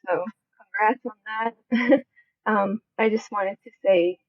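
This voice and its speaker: A woman's voice: medium pitch, slow pace, husky, no room sound, muffled recording. A shy, nervous woman who giggles as she gives a heartfelt thank-you in casual voice chat. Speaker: co-host.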